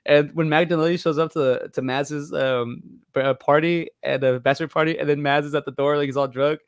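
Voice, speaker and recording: A man co-hosting a movie podcast, talking fast in a rambling, animated way and slipping into voices for the people he quotes. The sound is dry and close, with no room around it. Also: on the high side, smooth, no room sound. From Mexico. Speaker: podcast co-host. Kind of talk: casual movie podcast chat.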